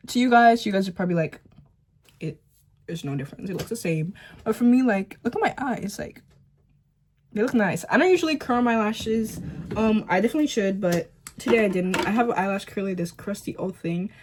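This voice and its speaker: A woman's voice: mid-range voice, darkish tone, a little hiss or hum. Chatty teenage girl doing her makeup. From Boston area, US. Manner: chatty, rambling, full of "like" and "um". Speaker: beauty vlogger. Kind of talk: casual chat while doing makeup. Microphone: phone camera at close range.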